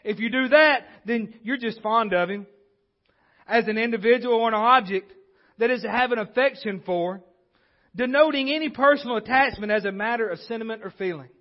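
Preaching briskly in a high voice, this pastor keeps his sermon conversational but often stumbles and starts lines over. The sound quality is dull and lo-fi, suggesting modest recording gear.

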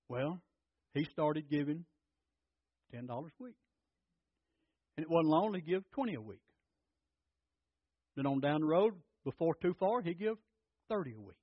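High-voiced preacher. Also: male voice, big pitch swings, normal speed, long pauses, slightly rough, dry recording, muffled recording. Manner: folksy storytelling preacher, repeats words. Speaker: pastor. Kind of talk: sermon.

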